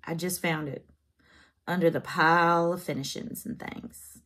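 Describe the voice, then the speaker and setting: Husky woman chatting about crafts. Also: on the low side, fairly even intonation, normal speed, a bit bright. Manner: chatty, folksy, emotional. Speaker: craft vlogger. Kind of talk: casual chat to camera. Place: home craft room.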